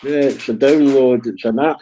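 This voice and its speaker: A man's voice: medium pitch, moderate pace, warm tone. A man chatting casually in a blunt way and swearing offhandedly. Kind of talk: casual chat. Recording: dull lo-fi sound.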